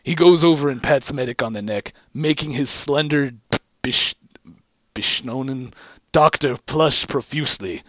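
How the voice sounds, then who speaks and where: A man's voice: mid-range voice, a little slow, fairly bright tone, dry recording. A man hosting his own channel, casually reading a fan fiction story aloud in a wry tone and stumbling over words now and then. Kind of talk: casual amused read-aloud.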